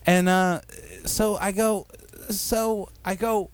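A man casually telling an anecdote among friends, animated and swearing as he acts out the people in it. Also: high-pitched, takes it slowly, clear, resonant tone, no echo. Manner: animated, swearing, acting out voices. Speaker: storyteller.

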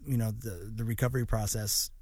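A man's voice: on the low side, fairly even intonation, brisk, a little mellow, no room sound, studio quality. A man hosting a podcast, rambling through a casual, profanity-filled story with lots of fillers. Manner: rambling, swears freely, frequent fillers. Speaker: podcast host.

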